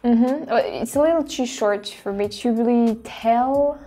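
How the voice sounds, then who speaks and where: A woman's voice: a little high, unhurried, dark tone, faint music behind. A woman with a French accent, a native French speaker, hosting a vlog and thinking aloud with many restarts and fillers. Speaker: host. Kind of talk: casual vlog commentary.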